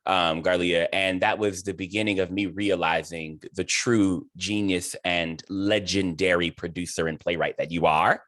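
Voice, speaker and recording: A man's voice: low voice, fairly even intonation, normal speed, hardly any pauses, a bit bright, dry recording. A man hosting a casual interview, effusive and emotional as he talks, recorded over a video call. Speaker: host and theater director.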